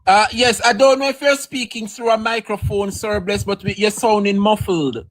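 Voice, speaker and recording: A Jamaican man hosting a call-in show, encouraging his callers and quick to thank them. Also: sits high, steady tone. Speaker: host.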